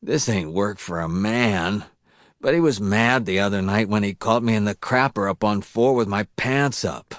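A man reading the part of a fearful, complaining mill worker who talks in rough, doleful speech. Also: on the low side, normal speed, no echo, clean studio sound, lightly acted. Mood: miserable.

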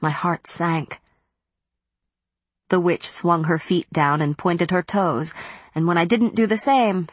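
A woman narrates a first-person audiobook in a measured, steady reading. Her voice is low and husky with a breathy edge. The recording is dry and close, with no room sound. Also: no room sound.

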